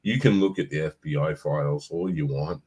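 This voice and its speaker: A man's voice: a bass voice, normal speed, breathy edge. A man hosting a casual live stream, talking animatedly and repeating himself as he gathers his thoughts. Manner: animated, repeats words, laughs easily. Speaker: host.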